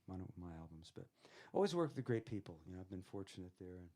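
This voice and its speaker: A man with a lowish voice spins a loose, chuckling road story for a live crowd. He rambles through his anecdotes with plenty of fillers, casual and unhurried. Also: very animated, dark tone, slightly rough. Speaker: singer-songwriter guest.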